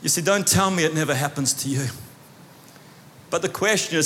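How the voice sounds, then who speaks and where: A man from New Zealand with a New Zealand accent, preaching an animated sermon that swings between loud shouts and quiet asides. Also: a little high, normal speed, a little hiss or hum. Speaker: pastor. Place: church hall. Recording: long hall reverb.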